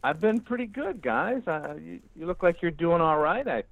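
A man's voice: fairly high pitch, very animated, normal speed, creaky, no echo. A man, a comedian calling in as a guest, chatting casually with a wry, joking, laid-back manner over a remote line. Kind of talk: casual call-in chat. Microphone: phone or remote call. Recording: dull, dry lo-fi call audio.

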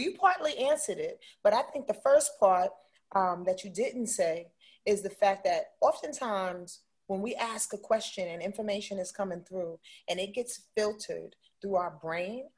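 A woman with a husky, breathy voice talks as a guest in a casual interview. She is animated and emphatic and keeps tagging her points with "right?". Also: mid-range voice, normal speed. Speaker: guest, intuitive astrologer.

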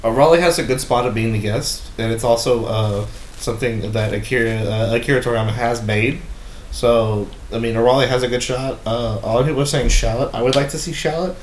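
A young man co-hosting a casual podcast, excitable and quick to swear and laugh. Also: mid-range voice. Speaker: podcast co-host. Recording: roomy sound with faint background noise.

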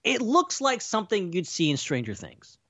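A man's voice: high-pitched, wildly swooping pitch, normal speed, a bit bright, husky, no room sound. A man co-hosting a podcast in casual chat, rambling and speculating with many fillers. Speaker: podcast co-host.

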